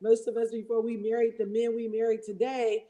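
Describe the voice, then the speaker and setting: A woman's voice: fairly high pitch, level tone, brisk, dark tone, poor audio. A woman guest on a casual livestream, talking enthusiastically and at length in a preacherly way. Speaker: guest co-host.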